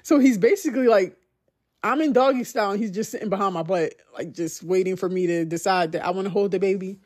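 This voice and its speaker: A woman's voice: mid-range voice, quick pace, a little mellow. A young woman hosting a podcast, telling a personal story in a conversational, emotional way with many "like"s. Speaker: podcast host.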